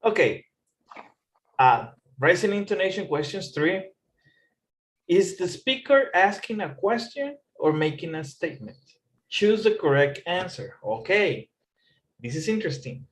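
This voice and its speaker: A man's voice: sits high, big pitch swings, unhurried, rough recording. Patient male tutor on a video call. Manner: patient, explanatory, repeats key points. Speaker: English tutor. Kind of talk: online tutoring session.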